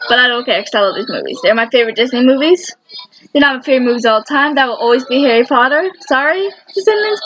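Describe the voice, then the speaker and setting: A woman's voice: sits high, fairly bright tone. A woman giving a casual fan commentary countdown, rambling and enthusiastic and often correcting herself. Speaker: fan video creator. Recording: dull lo-fi sound with faint noise.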